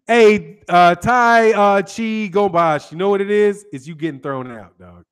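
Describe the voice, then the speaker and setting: Laid-back male host with a higher-pitched voice, casual joking chat with viewers. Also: measured pace, few pauses, clean tone. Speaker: boxing channel host.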